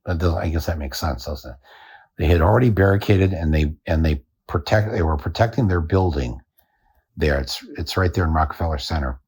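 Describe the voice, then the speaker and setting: An older American man hosting a podcast, delivering a deadpan satirical monologue and chuckling at his own jokes. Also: low-pitched, husky. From United States. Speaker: podcast host.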